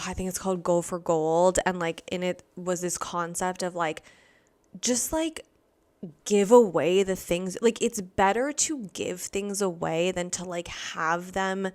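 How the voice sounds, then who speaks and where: A young woman from the United States telling a casual story in a rambling monologue, filling her talk with "like" and quick asides. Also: mid-range voice. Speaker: vlogger.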